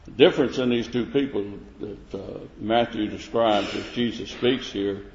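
A man's voice: on the low side, moderate pace, darkish tone, slight background noise. A man preaching a sermon, rising to emphatic questions and often restarting his phrases. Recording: echoey hall, dull lo-fi sound.

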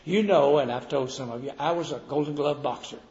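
An older man preaching a sermon in a folksy, animated storytelling manner, acting out the voices he quotes. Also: mid-range voice, brisk. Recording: roomy hall reverb, dull lo-fi sound.

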